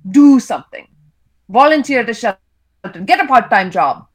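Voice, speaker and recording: A woman's voice: lively intonation, normal speed. A woman voicing a furious, drunk middle-aged Indian mother who screams in an Indian accent. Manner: shrill, screaming.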